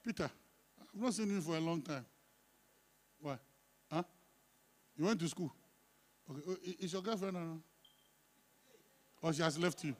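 A man preaches in church, his voice sitting high for a man. He coaxes the congregation to read along, teasing them in quiet asides and then pressing hard on key words. It is a lively call-and-response sermon. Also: moderate pace, long pauses. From Ghana. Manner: teasing, coaxing the congregation, swinging between soft asides and loud emphatic reading. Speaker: pastor. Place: church sanctuary.

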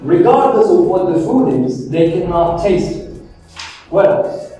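A man's voice: high-pitched, big pitch swings, a little slow, dark tone. A male teacher giving a classroom lesson, patiently quizzing students and repeating their answers. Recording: echoey classroom from far off, faint music.

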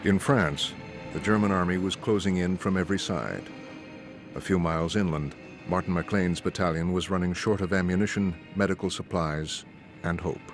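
A man giving grave, measured documentary narration. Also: sits low. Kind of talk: scripted narration. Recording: narration over loud music.

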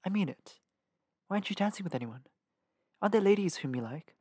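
A man voicing a sharp-tongued, defensive young woman assassin in an audiobook. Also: high voice, expressive, fast talker, husky, no echo, studio quality, voice pushed up. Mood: earnest.

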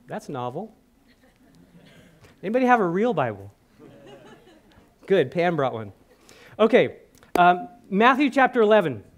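A man preaching a sermon in church, telling a Bible story with animated acted-out quotes and questions to the congregation. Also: sits high. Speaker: guest preacher. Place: church hall.

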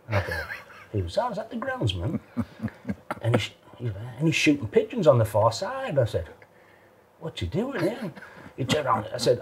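A man's voice: mid-range voice, wildly swooping pitch, normal speed, pauses often, background noise. A man who used to play football, telling training-ground stories in a casual interview, laughing often and acting out the dialogue. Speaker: former footballer.

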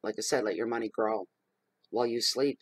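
Middle-aged guy doing a tarot reading, dry sound, loud and emphatic, gets all fired up. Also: fairly low pitch, fairly quick, husky, no room sound, poor audio. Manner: expressive and emphatic, gets riled up. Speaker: tarot reader. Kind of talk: general tarot reading monologue.

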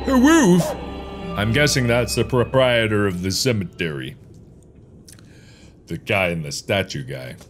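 A man's voice: lowish voice, unhurried, pauses often, music in the background. A young man commentating a horror game as the video's host, yelping and mocking himself as he plays. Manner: excitable, yelping, self-mocking. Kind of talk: let's play commentary.

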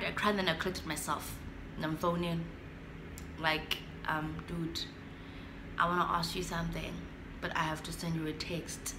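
This is a young woman with a South African accent, talking casually to her camera at home. Her voice sounds bright and forward. She tells a story in an animated way, slipping between English and isiXhosa, while a faint background hum sits under the recording. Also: fairly low pitch, echoey room. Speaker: vlogger.

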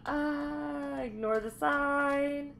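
Young woman, gaming host; excitable self-talk commentary, unhurried delivery. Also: high voice, a little hiss or hum. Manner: excitable, talks to herself, laughs often. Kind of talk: let's-play commentary.

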